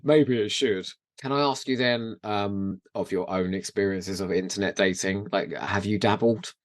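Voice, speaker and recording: A man co-hosting a podcast, talking in an animated, exclaiming way and often breaking into laughter. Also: lowish voice, normal speed, no room sound. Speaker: podcast co-host. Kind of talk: casual chat.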